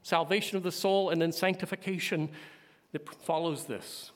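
A man preaching a sermon, building to loud emphatic climaxes. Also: on the high side, steady tone, normal speed. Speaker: pastor. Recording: long hall reverb.

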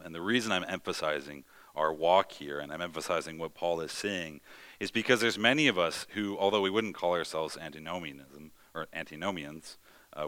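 A low-pitched man delivers a sermon, earnest and deliberate, leaning into emphasis and then easing back. His voice is bright and forceful, with a smooth, clear tone. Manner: earnest preaching with rising emphasis and measured pauses. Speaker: pastor.

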